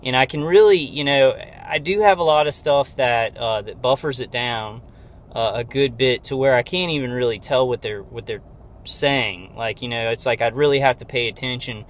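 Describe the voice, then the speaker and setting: A man giving a rambling personal video update from inside his car, halting with many fillers and restarts, strained and close to tears. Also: mid-range voice, slight background noise. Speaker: video diarist.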